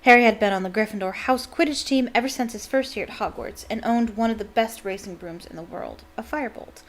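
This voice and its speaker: A woman's voice: a little high, fairly quick. A woman reading a novel aloud on a livestream, with chatty, self-correcting asides to viewers. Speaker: livestream book reader. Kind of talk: reading aloud with casual chat.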